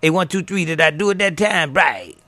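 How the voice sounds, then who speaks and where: A man's voice: on the high side, fairly quick, sharp tone, no echo. A man chatting on CB radio, trading playful banter full of call signs and sign-offs. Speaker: CB radio operator.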